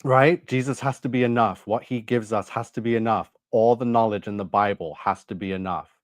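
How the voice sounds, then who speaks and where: A man's voice: lowish voice, fairly even intonation, brisk, no room sound, studio quality. A man hosting a religious commentary video, talking in an intense, emphatic, insistent way. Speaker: online video host.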